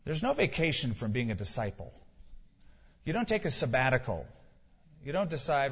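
A man's voice: medium pitch, big pitch swings, moderate pace, pauses often, breathy edge. A male pastor preaching a sermon with emphasis, asking rhetorical questions and repeating key lines for weight. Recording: dull lo-fi sound with long hall reverb.

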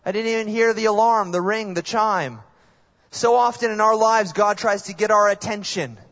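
A man preaching a sermon as a guest pastor, animated storytelling that drops suddenly to quiet asides. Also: sits high, moderate pace, lo-fi sound.

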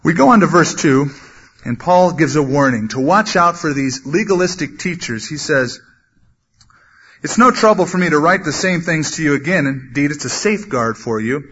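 A man preaching a sermon, earnestly teaching from the Bible and acting out quotes with sudden loud bursts. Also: a little high, lively intonation, moderate pace, slightly rough. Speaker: pastor. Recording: dull lo-fi sermon recording.

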